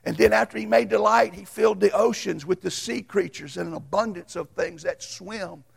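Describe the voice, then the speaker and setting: Gravelly preacher man. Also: high voice, normal speed. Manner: folksy storytelling preacher, swings from loud to hushed. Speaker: Baptist pastor. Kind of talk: sermon.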